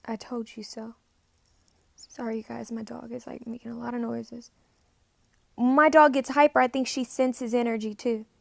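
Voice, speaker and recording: Woman with a gravelly, fried voice. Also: on the high side, flat delivery, a little mellow, no echo. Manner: halting, repeats phrases, drops to near-whispers. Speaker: self-described spirit medium. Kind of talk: casual confessional video monologue. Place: at home.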